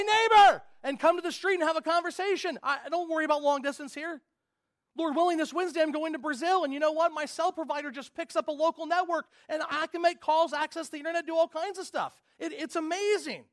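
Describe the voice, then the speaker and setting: A man preaching a sermon as a pastor, earnest, moving from loud emphasis to quiet intensity. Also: extremely high pitch.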